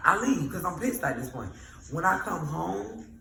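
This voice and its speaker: A woman telling a storytime vlog in a casual, animated, exasperated way, swearing freely. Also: fairly low pitch, normal speed, creaky, reverberant, slight background noise, poor audio.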